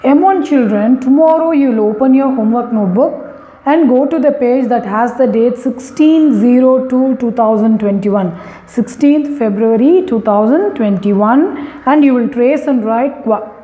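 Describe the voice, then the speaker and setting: A woman teaching young children, slowly coaxing them and repeating each word. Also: a little high, dark tone. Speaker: kindergarten teacher. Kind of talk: slow, sing-song online lesson for young children. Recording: echoey room, narrow lo-fi phone-like sound.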